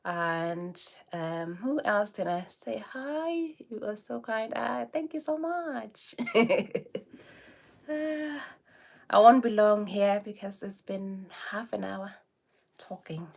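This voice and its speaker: A woman's voice: medium pitch, slow pace. A woman in her forties from Botswana hosting a casual livestream, chatting with viewers and laughing often between remarks. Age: 40s. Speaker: livestream host. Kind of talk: casual livestream chat, answering viewer comments.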